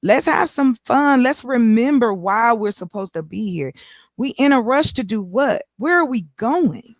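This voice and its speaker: A woman hosting a casual live stream, animated and joking, swearing freely. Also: on the high side, unhurried, no echo. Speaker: stream host. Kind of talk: casual chat.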